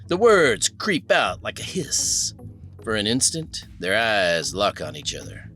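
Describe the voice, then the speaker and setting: Lively, bright-voiced male audiobook narrator. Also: lowish voice, a little slow, soft background music. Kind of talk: scripted narration.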